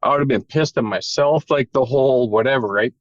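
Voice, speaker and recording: A man's voice: mid-range voice, a little fast, dry recording, dull audio. A man telling an emotional personal story in a candid, casual way, with the odd swear word. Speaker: podcast guest.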